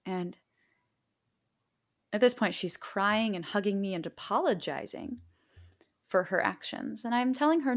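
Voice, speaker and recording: Woman livestreamer, gravelly edge, patient gentle storytelling, casual talk. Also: medium pitch, a little slow, pauses often. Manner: gentle, patient storytelling with soothing quoted reassurances. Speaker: livestream host. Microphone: livestream microphone.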